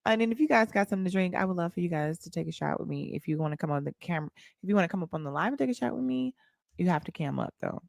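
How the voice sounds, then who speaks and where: A woman's voice: fairly low pitch, animated, rapid-fire, creaky, no echo, studio quality. A young woman with an African American Vernacular English accent, hosting a casual livestream and talking back to her chat in a sassy way. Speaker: livestream host.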